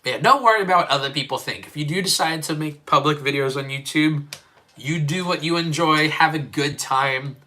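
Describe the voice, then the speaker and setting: A man's voice: fairly high pitch, normal speed, bright, forceful tone. A man with an Australian accent chatting casually on a live stream while building Lego and reading chat, rambling with many fillers.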